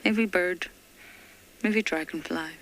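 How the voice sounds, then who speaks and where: A woman safari guide giving live commentary outdoors, often dropping to a hushed whisper, with playful, chatty asides. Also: lowish voice, moderate pace, slight background noise, rough recording. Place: outdoors in the bush.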